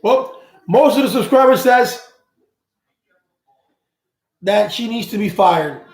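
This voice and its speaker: A man with a high-pitched, animated voice hosts a live stream at a slow pace, reading viewers' comments aloud and rambling through what he thinks. He often repeats words while groping for them, and his room is echoey.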